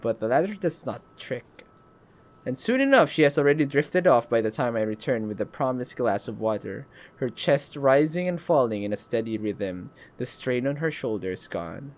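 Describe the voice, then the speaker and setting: A man's voice: mid-range voice, expressive, normal speed. A man hosting a let's play, reading a story game aloud and breaking off for joking comments.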